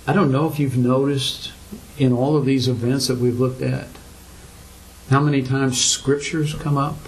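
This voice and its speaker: A man's voice: medium pitch, creaky, slight background noise, poor audio. An older man preaching a sermon to his congregation, earnest and full of rhetorical questions, his voice climbing for emphasis.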